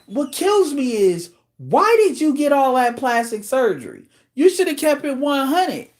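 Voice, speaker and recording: A man's voice: very high voice, sing-song, moderate pace, few pauses. A man hosting a show, delivering a blunt, profane, incredulous rant in casual talk.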